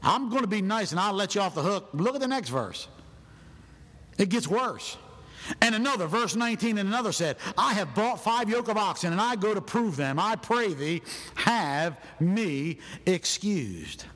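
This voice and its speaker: A man preaching a sermon in a church, animated and loud, acting out people's excuses in his own voice. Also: high-pitched, normal speed. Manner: animated, shouting, acts out other people's excuses. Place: church sanctuary. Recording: long hall reverb in a church.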